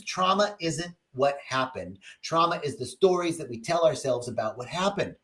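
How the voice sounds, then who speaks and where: A man giving a spiritual talk on a livestream, answering viewer comments in a reflective, animated storytelling way with big swings in tone. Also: on the high side, moderate pace, few pauses. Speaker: spiritual teacher.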